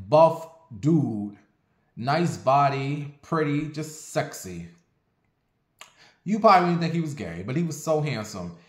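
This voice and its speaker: A man casually telling a personal story on his vlog, animated and profane, with sassy asides. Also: on the high side, reverberant.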